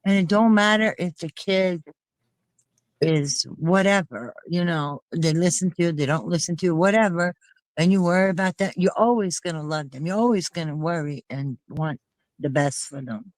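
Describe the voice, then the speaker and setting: A woman's voice: fairly low pitch, moderate pace, no echo. Emphatic woman, dry close voice. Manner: emphatic, heartfelt. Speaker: panel co-host. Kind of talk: casual chat.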